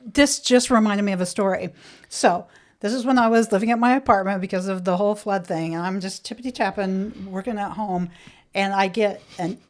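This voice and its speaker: A woman's voice: mid-range voice, brisk. A woman co-hosting a podcast, telling stories in a playful casual chat and laughing often. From Florida, United States. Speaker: podcast co-host.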